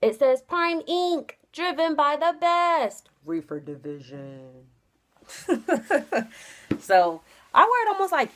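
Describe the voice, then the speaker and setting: A young woman, a trucking vlogger, tells a story to her camera in a casual, animated way. She bursts into loud, high-pitched re-enactments, then drops to hushed asides.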